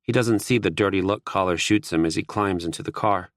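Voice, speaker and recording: A man narrating a first-person audiobook in a steady, wry manner. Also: sits low, brisk, dry recording, studio quality.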